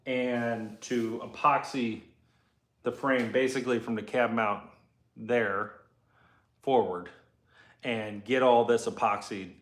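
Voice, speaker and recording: Cussing, laid-back garage host in an echoey room. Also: male voice, mid-range voice. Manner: profane, rambling, laid-back. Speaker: host and car builder. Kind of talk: casual live garage chat answering viewer comments.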